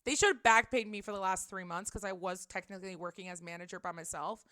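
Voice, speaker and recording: A woman's voice: medium pitch, steady tone, fast, pushed and bright, no room sound, studio quality. A young woman livestreaming, casually telling a rambling personal story full of filler words. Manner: chatty, rambling, lots of "like" fillers.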